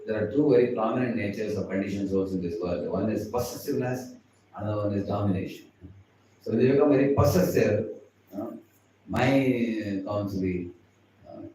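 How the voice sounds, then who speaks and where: A man's voice: lowish voice, warm tone, a little hiss or hum. A man with an Indian English accent giving a chatty devotional class, laughing often and acting out the people he quotes. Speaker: spiritual teacher. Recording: echoey hall, far from the mic.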